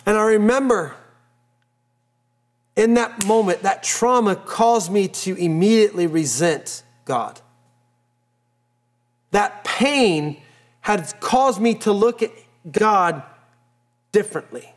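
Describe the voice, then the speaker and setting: A man's voice: sits high, expressive, takes it slowly, long pauses. A man preaching a sermon as pastor, telling a personal story in an earnest way and repeating phrases for emphasis.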